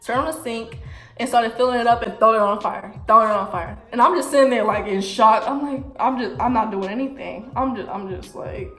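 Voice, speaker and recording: A young adult woman telling a casual storytime with animated, slangy delivery and acted-out quotes. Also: fairly high pitch, a little fast. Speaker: vlogger. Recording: echoey room with faint music.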